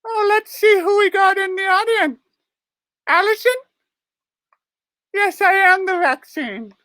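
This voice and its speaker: A shrill, squeaky baby chick puppet that wails and whines for its mommy. It drags out every word slowly through sobs and shouts, recorded dry and close. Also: female voice, dry recording, full character voice. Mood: wailing. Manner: sobbing, shouting, whiny. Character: whiny newborn chick vaccine puppet, clingy, lost. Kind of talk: live puppet show comedy.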